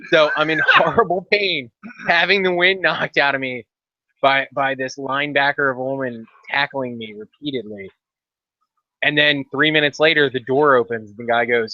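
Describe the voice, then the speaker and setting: A man's voice: on the high side, normal speed, sharp tone, no room sound. A man on a casual podcast, telling a long story in a laid-back way with dry asides. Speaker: podcast co-host. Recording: dull lo-fi dry podcast audio.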